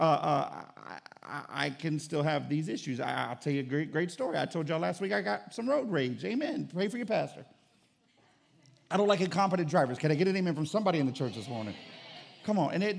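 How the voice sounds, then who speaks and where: A man's voice: sits high, creaky. A middle-aged man preaching a sermon as pastor, telling stories and calling on the church for an amen. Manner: storytelling with call-and-response.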